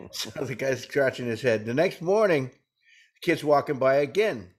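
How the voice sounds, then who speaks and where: A man's voice: medium pitch, animated, measured pace, slightly rough. A man co-hosting a comedy talk, telling folksy jokes and laughing at his own punchlines. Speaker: co-host. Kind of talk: joke-telling banter.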